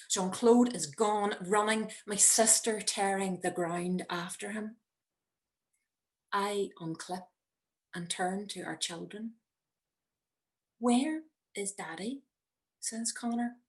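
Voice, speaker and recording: A middle-aged woman tells her story slowly and deliberately. Her tone is wry, and she lets dramatic pauses land. She speaks from home over a video call. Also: medium pitch. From Northern Ireland. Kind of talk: personal story reading. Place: home, indoors.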